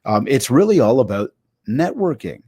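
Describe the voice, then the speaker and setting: A man talks through a video call in an eager, story-driven way, acting out quotes as he goes. His pitch sits mid-range and the sound is dry and close, with no room around it. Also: normal speed, slightly rough, dry recording. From Canada. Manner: animated storyteller, acts out quotes. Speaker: keynote speaker guest. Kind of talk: casual interview chat.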